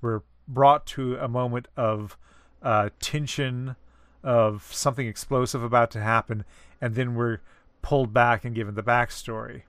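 Slow, smooth-voiced man explaining carefully. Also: mid-range voice, fairly even intonation, a bit bright, no room sound. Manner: measured, explanatory, pauses to find words. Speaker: discussion co-host. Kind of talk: casual literary discussion.

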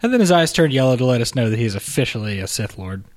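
A man's voice: mid-range voice, sing-song, fast. Wry, joking man on a podcast. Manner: wry, joking, with stammered restarts. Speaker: podcast co-host. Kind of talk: casual film discussion.

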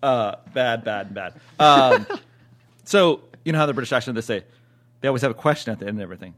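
A man's voice: mid-range voice, animated, brisk, a bit bright. An American man co-hosting a podcast, rambling casually with frequent restarts. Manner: rambling, many fillers and restarts, laughs easily. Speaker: podcast co-host. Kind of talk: casual chat.

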